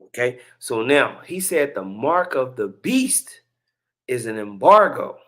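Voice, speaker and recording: A man's voice: mid-range voice, sing-song, takes it slowly, fairly bright tone. A man hosting a casual religious commentary, chatty and preachy, with chuckling asides between clips.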